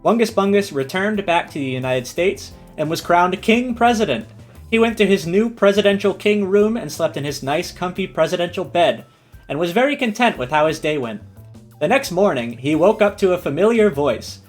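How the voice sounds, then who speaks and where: A man streamer reading a silly story aloud and chatting with his viewers, animated and giggly. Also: sits high, moderate pace, faint music behind. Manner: animated, giggly, breaks into laughs.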